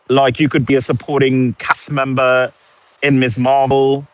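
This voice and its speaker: A man's voice: medium pitch, completely flat delivery, measured pace, no echo. A man in his forties with a posh British accent, telling a sarcastic story in a casual vlog monologue. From United States. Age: 40s. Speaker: vlogger.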